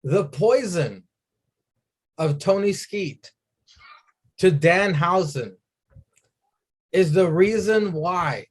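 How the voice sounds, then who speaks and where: Slow-talking man with a higher voice. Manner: unhurried, filler-heavy recap with dry asides. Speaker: podcast co-host recapping wrestling. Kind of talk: casual chat.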